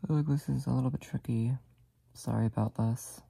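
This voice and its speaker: A soft-spoken crafting tutorial host giving casual step-by-step instructions while working, often apologetic and leaning on "like" fillers. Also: mid-range voice, steady tone, fairly quick, vocal fry, breathy edge.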